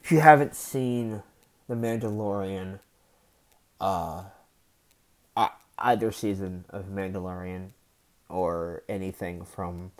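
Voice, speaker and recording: A man hosting his own podcast in a solo rant, his voice sitting low and his words dragging out slowly. He sounds fed up, with heavy sighs, swearing and stop-start phrasing between sudden louder bursts. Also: steady tone. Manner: low, deliberately slow annoyed voice with sighs and profanity; halting restarts between outbursts. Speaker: podcast host.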